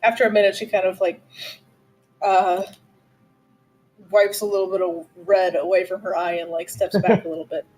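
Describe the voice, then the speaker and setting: A woman playing a tabletop game, softly and hesitantly describing her character's actions with many restarts. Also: fairly low pitch, little pitch movement, moderate pace, pauses often, slightly rough, soft background music, low-quality recording. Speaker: player.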